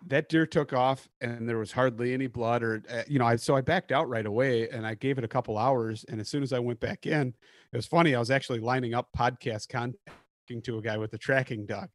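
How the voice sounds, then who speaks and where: A man's voice: medium pitch, brisk, dry recording. A man hosting a podcast, telling a hunting story in casual chat and acting out the lines of the people in it. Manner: animated storyteller acting out quotes. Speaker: podcast host.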